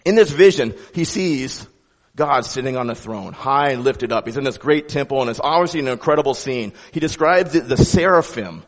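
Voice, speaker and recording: A man giving a sermon as pastor, with a conversational, animated delivery and frequent restarts. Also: mid-range voice, normal speed, big-room sound.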